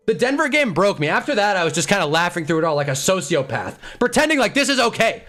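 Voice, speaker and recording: High, bright-voiced man ranting. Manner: angry, profane, rapid rhetorical questions; flat, deflated muttering. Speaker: livestream host ranting about football. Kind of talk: heated live-stream sports rant.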